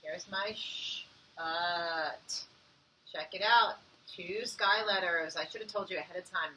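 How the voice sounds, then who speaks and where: A woman teacher encourages young children through a phonics lesson, slowly sounding out each word in a bright, clear voice pitched on the low side. She's a little away from the mic, and the low-quality, distant recording carries faint room noise.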